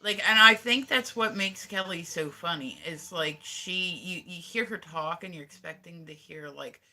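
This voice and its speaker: A man's voice: fairly high pitch, normal speed, bright, forceful tone. A man from the United States chatting casually on a livestream, rambling and swearing, with "like" in nearly every sentence. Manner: rambling, profane, heavy use of "like". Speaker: live streamer.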